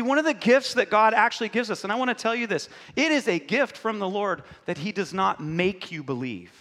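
A man preaching a sermon to his congregation, joking and talking straight to the room. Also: very high-pitched. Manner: joking, animated, talks to the congregation. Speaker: pastor. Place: church hall. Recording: live in a reverberant hall.

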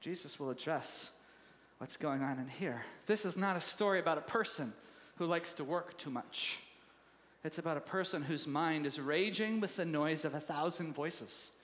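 Male pastor, sermon, chatty and animated, laughs easily, bright sharp voice, long hall echo. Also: high voice.

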